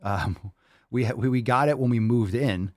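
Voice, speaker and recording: A man's voice: mid-range voice, normal speed, a little mellow, dry recording, clean studio sound. A young man hosting a podcast, talking loosely and casually, laughing often and swearing freely. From Florida. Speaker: podcast host.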